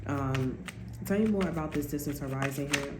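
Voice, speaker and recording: A woman's voice: very deep voice, moderate pace, roomy sound, background noise. A woman giving a casual tarot reading, blunt and profane, often slipping into other people's voices. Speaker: tarot card reader.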